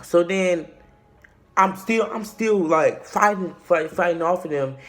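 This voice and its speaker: A young man telling a casual storytime tale. He is animated and slangy, and he acts out the quotes and the shouting. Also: high voice, unhurried. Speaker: vlogger.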